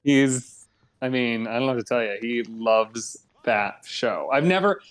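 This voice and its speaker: A man's voice: mid-range voice, unhurried, clean tone. Chatty young man telling a story. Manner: chatty storyteller, acts out both sides of a story. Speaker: podcast co-host. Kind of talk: casual gaming podcast chat.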